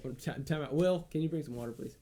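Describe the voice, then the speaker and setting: A man co-hosting a comedy podcast, bantering in casual chat, jokey and quick to laugh. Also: fairly high pitch, crowd noise. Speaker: podcast co-host.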